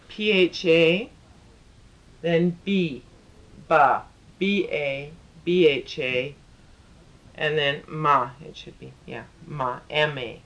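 A teacher leads a pronunciation lesson at a very unhurried pace. Each syllable is spelled out patiently, step by step, and then chanted in steady, rhythmic runs. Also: medium pitch.

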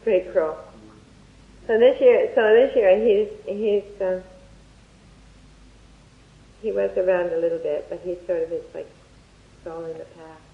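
A Dharma teacher giving a talk in a lively, anecdotal way and closing with a guided meditation. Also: mid-range voice, measured pace, long pauses. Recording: echoey, dull lo-fi room recording.

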